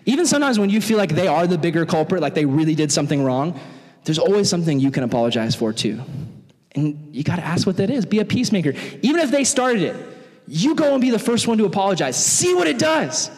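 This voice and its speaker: A young man preaching to young people in a lively, conversational way. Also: high voice, fast talker. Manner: animated, conversational, acts out voices. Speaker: youth pastor. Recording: long hall reverb.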